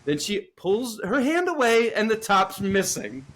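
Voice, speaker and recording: Animated, profane male storyteller. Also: high-pitched, unhurried, hardly any pauses. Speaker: podcast co-host. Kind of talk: casual storytelling chat.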